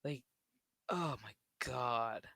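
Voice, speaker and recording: A man on a livestream, talking slowly in a bright, forceful voice. He rants crudely and mocks people, often laughing at his own remarks. The sound is dry and close. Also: mid-range voice, vocal fry, no echo. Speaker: streamer. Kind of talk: casual livestream rant.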